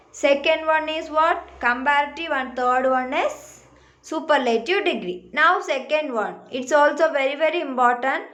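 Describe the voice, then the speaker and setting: A woman's voice: high-pitched, a bit bright. A woman teaching an English grammar lesson with a Malayali accent, repeating words and checking in with the class. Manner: checks in with "huh?" and "clear?", repeats words slowly.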